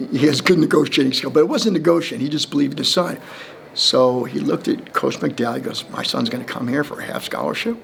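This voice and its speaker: A man's voice: mid-range voice, vocal fry, a bit bright, a little hiss or hum. A man in his fifties from New Jersey, a Hall of Fame inductee, answering press questions with long, rambling stories and quoted dialogue. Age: 50s. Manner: rambling storyteller who acts out quoted voices and laughs between lines. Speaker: Hall of Fame inductee, former running back.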